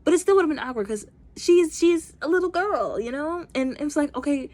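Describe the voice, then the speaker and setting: A woman's voice: sits high, lively intonation, a little fast, darkish tone. A woman giving a casual movie recap, chatty and informal, full of fillers and acted-out lines. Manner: chatty, many fillers, acts out characters' lines; informal speech with y'all. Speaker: movie reviewer.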